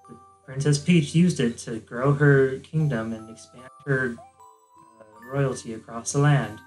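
A man's voice: medium pitch, fairly even intonation, unhurried, soft background music, natural voice, rough recording. A man doing a mock-seductive female princess voice to read a storybook intro aloud, as a gaming joke. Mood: mock sultry. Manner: soft mock-seductive reading. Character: sultry female cosmic princess narrating a storybook. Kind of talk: comedic let's play voice-over.

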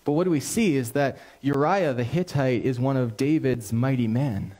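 A male pastor preaching a sermon, telling a story in an animated, conversational and earnest way. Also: medium pitch, moderate pace.

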